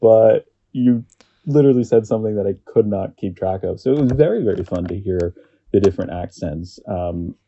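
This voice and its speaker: An American man talking as a podcast guest in casual chat, rambling and halting, often stopping to restart his sentences. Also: lowish voice, muffled recording. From United States.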